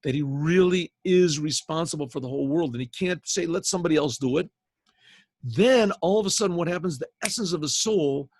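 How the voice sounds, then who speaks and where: A man's voice: a little high, a little fast, a little mellow, no echo. An older man, a rabbi, teaching a casual class, telling a story with quoted voices and mixing in Hebrew terms. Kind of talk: casual spoken Torah class. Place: online class over a video call.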